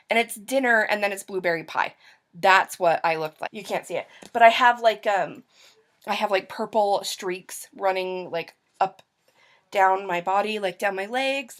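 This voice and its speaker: A young woman from Utah telling a personal story to her camera in a chatty, rambling way, full of fillers and restarts. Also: medium pitch. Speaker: vlogger.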